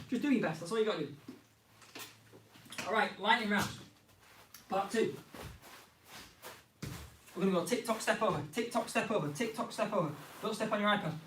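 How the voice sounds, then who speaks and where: A man coaching a live online football skills class. He is out of breath, counts reps out loud and cheers the players on. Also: high voice, reverberant, distant mic, slight background noise, poor audio. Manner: energetic, counts reps aloud and cheers students on.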